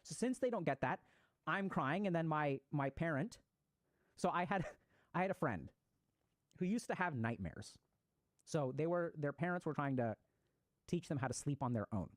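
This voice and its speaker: A man's voice: fairly high pitch, expressive, moderate pace, long pauses, no room sound. A man giving a recorded talk on psychology, explaining ideas and acting out everyday examples. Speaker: mental health speaker. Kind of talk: recorded talk on attachment styles.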